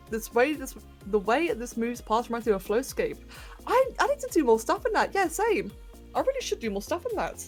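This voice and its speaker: A young woman chatting casually with viewers on a game livestream, giggling often as she works. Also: fairly high pitch. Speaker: game streamer. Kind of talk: casual livestream chat while playing a game. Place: home bedroom.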